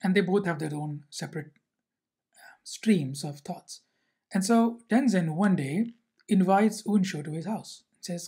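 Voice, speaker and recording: A teacher telling a Zen story and explaining it in a measured way, often asking "see?". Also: mid-range voice, warm tone, husky. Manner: measured, repeats rhetorical questions and "see?".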